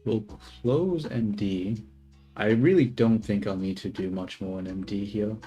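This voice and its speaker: A man's voice: fairly low pitch, a little slow, mellow, soft background music. A young man streaming his 3D modeling work, thinking aloud in casual chatter, trailing off and correcting himself as he goes. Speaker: livestreamer doing 3D modeling.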